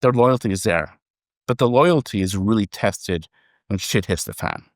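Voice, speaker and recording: Low-voiced man telling business stories. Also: normal speed, no echo, clean studio sound. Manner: animated storyteller, acts out quoted dialogue. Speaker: company chairman, guest. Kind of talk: conversational podcast interview, storytelling.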